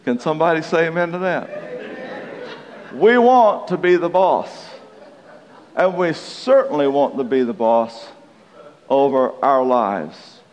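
A man's voice: a little high, lively intonation, slow, pauses often, a little mellow, some chatter behind. Man in his sixties, pastor, folksy storytelling sermon, long reverb of a big hall. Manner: folksy, storytelling, acts out quotes. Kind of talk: sermon with humorous stories.

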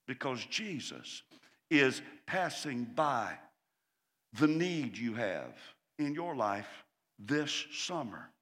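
A man preaching a sermon as pastor, impassioned and building to loud cries. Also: mid-range voice, sing-song, slow pace. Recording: long hall reverb.

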